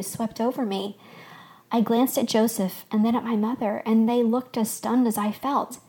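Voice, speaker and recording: A woman hosting a podcast, reading a fictional first-person story aloud with expressive storytelling. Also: a little high, moderate pace. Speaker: podcast host.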